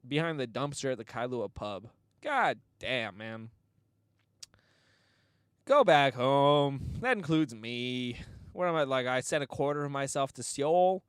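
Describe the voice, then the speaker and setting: Rambling, profane man with a lively voice. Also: mid-range voice, normal speed, clean tone, dry recording, studio quality. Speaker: podcast host. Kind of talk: casual comedic storytelling.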